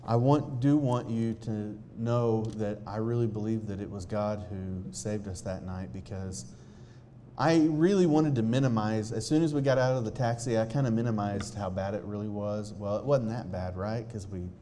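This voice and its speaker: A man telling a personal testimony to a live audience in an earnest, halting way, often restarting his sentences. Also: lowish voice, warm tone, a little hiss or hum. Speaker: speaker sharing a personal testimony.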